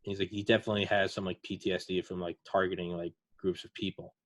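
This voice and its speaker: A man's voice: low voice, level tone, fast, no echo. A man hosting a casual podcast chat, retelling veterans' war stories in a rambling way with lots of fillers. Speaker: podcast host.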